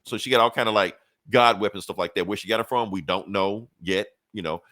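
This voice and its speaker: A man's voice: on the low side, fairly quick, pushed and bright, no echo, clean studio sound. A man on a podcast casually retelling a comic book story, loose and profane, laughing often. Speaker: podcast co-host.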